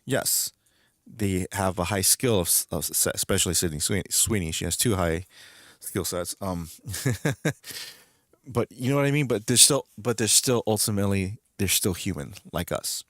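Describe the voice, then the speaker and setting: A man with a fairly low voice holds forth as a stream host, rambling through his opinions. He leans hard on his points and repeats them. The sound is dry and close, with little room tone. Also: moderate pace, a bit bright, no room sound. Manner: rambling, emphatic, repeats himself. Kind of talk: casual gaming stream commentary.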